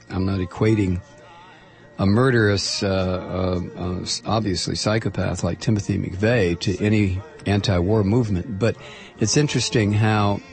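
A man's voice: on the low side, gravelly, a little mellow. A man hosting talk radio, reading quotes aloud and commenting with frequent hesitant fillers. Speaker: radio host.

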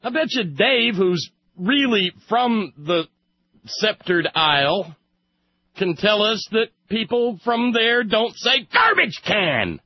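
A man doing a high, affected mock-British voice as a smug, prissy Englishman. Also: wildly swooping pitch, takes it slowly, husky, no room sound, dull audio, full character voice. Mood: mocking posh.

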